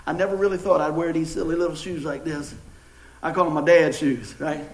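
A middle-aged pastor, preaching a sermon with jokes and folksy storytelling. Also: male voice, fairly high pitch, a little fast. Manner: folksy, joking, animated storytelling. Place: church sanctuary. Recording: echoey church room.

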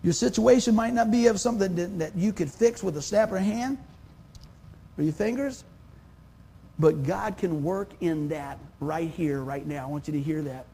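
A man's voice: high-pitched, normal speed, creaky, dark tone, slight background noise. A man, preaching a sermon in a folksy, conversational way. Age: 50s. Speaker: pastor.

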